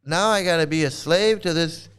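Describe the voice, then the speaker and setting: A man's voice: a little high, normal speed, fairly bright tone, clear, resonant tone. A man hosting a casual monologue, talking emphatically and sarcastically and repeating his points. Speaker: host.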